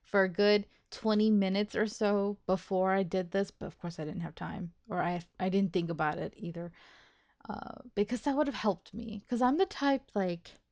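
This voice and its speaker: Her voice is medium-pitched with a darkish tone, and she talks at a moderate pace. Hosting a let's play, she chats casually and self-deprecatingly about her schedule and the game, thinking out loud with frequent restarts and laughter as casual gameplay commentary.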